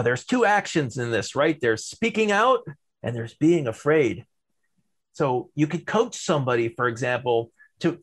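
Animated, fairly high-voiced man coaching. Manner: animated, varies loudness and pauses for emphasis. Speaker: storytelling and speaking coach, guest. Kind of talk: podcast interview answers.

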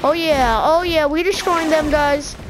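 Excitable high-voiced woman gaming. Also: measured pace, noisy background. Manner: excitable, silly boasting. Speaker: gaming video maker. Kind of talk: let's-play commentary. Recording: game music over the voice. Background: video game music.

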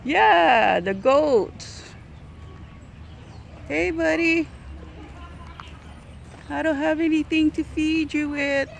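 A woman's voice: high voice, takes it slowly, gravelly, few pauses, slight background noise. A woman chatting casually while filming animals outdoors at a ranch, cooing at them in a playful sing-song voice. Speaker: vlogger filming a ranch visit. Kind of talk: casual running commentary.

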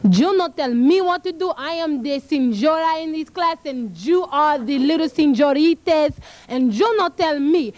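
A woman's voice: high voice, animated, moderate pace, few pauses, darkish tone, no echo. A teenage girl imitating her bossy female Spanish teacher, scolding the class in broken English. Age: late teens. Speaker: high school senior. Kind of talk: teacher impression for a class video.

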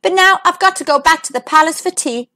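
A woman voicing a spirited, tomboyish girl princess in a storybook, bold and cheerful, with lively exclamations. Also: very high voice, fast talker, voice pushed up.

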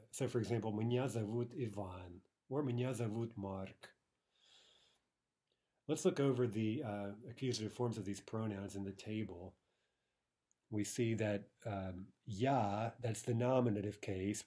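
Low mellow male teacher, many "right?"s. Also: husky. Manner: relaxed, many uh fillers and "right?" checks. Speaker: Russian language teacher. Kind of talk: recorded lesson explaining grammar.

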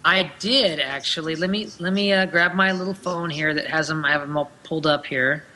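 A man's voice: a little high, a little fast, bright, forceful tone, a little hiss or hum. A man in his thirties, a voice actor, chatting playfully and joking in an interview. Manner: playful, jokey, laughs often. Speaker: voice actor guest. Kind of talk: casual interview chat.

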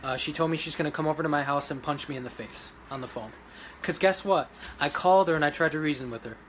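A man vents in an emotional vlog rant, his voice sitting a little high for a man and swinging between hushed pleading and loud defiance. Faint room noise hums behind him. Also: fast. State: emotional after crying. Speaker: vlogger running a dog rescue. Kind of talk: emotional ranting vlog to followers.

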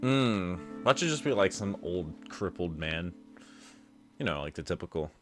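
A man hosting a reaction video, making relaxed, joking comments over a show clip. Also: deep voice, unhurried, music in the background. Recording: show audio playing loudly under his voice.

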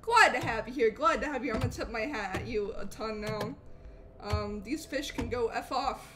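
Excitable high-voiced woman streamer. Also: moderate pace, noisy background. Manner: excitable, swings between loud shouts and low mutters. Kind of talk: live gameplay commentary.

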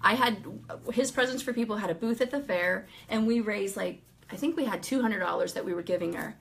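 A woman telling a ministry story in casual talk, animated and laughing often as she acts out what people said. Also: mid-range voice, fairly quick, vocal fry.

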